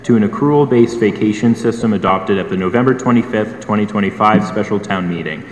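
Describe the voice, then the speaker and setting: A man reading formal motions aloud at a town meeting in a steady, formal way. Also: on the low side, a little fast. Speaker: board member making motions. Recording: echoey hall, faint room noise.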